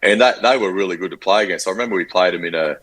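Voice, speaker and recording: A former rugby league player in his forties with an Australian accent, telling stories in a casual interview, animated and full of fillers. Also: low-pitched, rapid-fire. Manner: animated storyteller, acts out quotes, frequent fillers.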